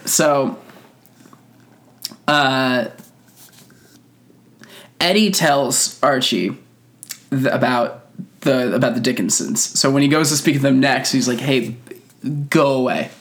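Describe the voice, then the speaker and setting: A man's voice: medium pitch, slow pace, long pauses, a bit bright. Laughing man recapping a show. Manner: laughs often, acts out quotes from the episode. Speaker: podcast host. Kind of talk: casual recap chat.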